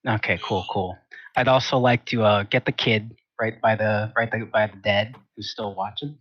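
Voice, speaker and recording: Calm young man, slightly dull sound. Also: on the low side, normal speed. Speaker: player. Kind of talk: casual tabletop play.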